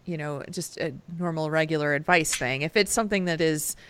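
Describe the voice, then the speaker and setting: A woman co-hosting a casual podcast, chatty and quick to laugh, stressed and irritable, telling stories with lively quoted asides. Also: deep voice, clear, resonant tone. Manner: chatty, laughs often, animated retellings. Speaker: podcast co-host. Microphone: headphones and home mic.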